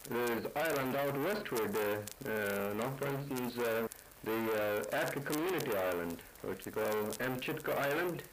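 Man speaking in short halting answers, Aleut native, noisy tape. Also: mid-range voice, animated. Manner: brief, quiet answers. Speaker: native language consultant. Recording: noisy old tape recording.

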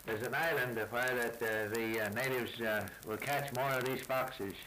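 A man interviewing a speaker about native words, halting with many fillers and repeating words back slowly. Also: medium pitch, steady tone, bright, forceful tone. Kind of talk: casual language elicitation. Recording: noisy old tape recording.

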